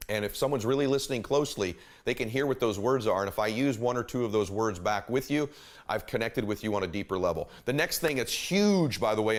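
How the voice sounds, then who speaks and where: Emphatic male motivational speaker. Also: mid-range voice. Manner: emphatic, repeats key phrases, shifts pace and volume to demonstrate. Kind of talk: motivational talk.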